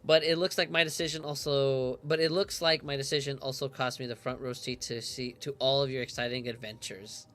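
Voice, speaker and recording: A man reading the lines of a calm, formal male robot nobleman in a measured, logical way, barely changing his own voice. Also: medium pitch, natural voice. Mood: detached. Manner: measured, logical phrasing read aloud.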